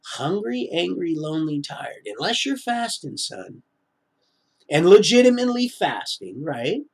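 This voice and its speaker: High-voiced man rambling on a live stream. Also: very animated, creaky, husky. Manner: halting, full of restarts and trailing asides; preachy, sprinkles in religious talk. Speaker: livestreamer telling his life story.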